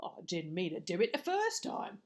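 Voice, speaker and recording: A woman reading a picture book aloud, voicing a rough-spoken, gruff but kindly male burglar with a loud, drawling delivery. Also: fairly low pitch, huge pitch swings. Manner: slow, loud, drawling dialogue with dropped grammar.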